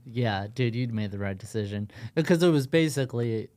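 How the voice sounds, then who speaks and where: A man co-hosting a podcast, speaking earnestly with swearing and dark jokes. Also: mid-range voice, expressive, a little fast. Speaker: podcast co-host. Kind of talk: casual chat.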